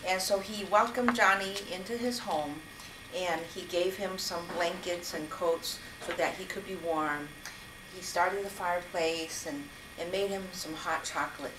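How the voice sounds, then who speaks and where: A woman continuing an improvised story for a speaking club, gentle and a little halting. Her mid-pitched voice sounds distant and echoey, with clear background noise. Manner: gentle, with fillers and restarts. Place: meeting room.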